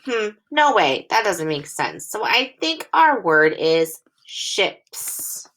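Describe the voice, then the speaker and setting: A woman teacher giving a recorded phonics lesson for young children, reading sentences aloud slowly and clearly in phrases. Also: mid-range voice, sing-song, a bit bright.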